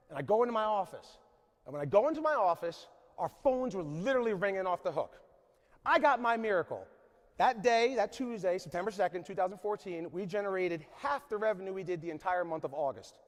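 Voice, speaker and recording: High-pitched guy in his 40s giving a pumped-up keynote, keeps saying right?, big echoey hall. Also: lively intonation, fairly quick. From New Jersey, USA. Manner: emphatic, keeps asking the crowd "right?". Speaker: conference speaker. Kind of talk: motivational keynote talk. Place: large conference hall.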